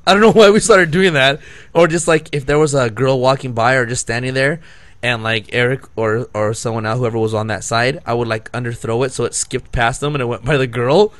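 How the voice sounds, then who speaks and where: Over a dry recording, a podcast co-host with a medium-pitched, slightly bright voice talks briskly through a long story, rambling casually, laughing often and leaning on "like" and restarts.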